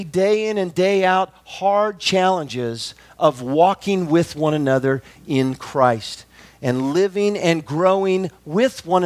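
A pastor delivering a sermon in a high-pitched male voice. He is measured and emphatic, and he slows down and repeats phrases to press his point home. The sound is dry and close, with no room echo.

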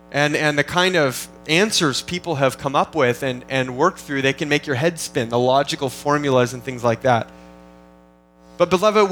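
A man's voice: medium pitch, fairly bright tone, rough recording. A man preaching an expository sermon in an earnest, teaching manner, often restarting phrases as he works through the text. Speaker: pastor.

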